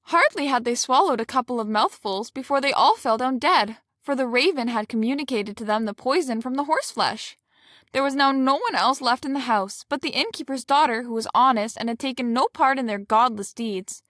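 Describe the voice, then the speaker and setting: A woman reading a fairy tale aloud in a steady, plain storybook way. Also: high voice, fairly quick, dry recording, clean studio sound.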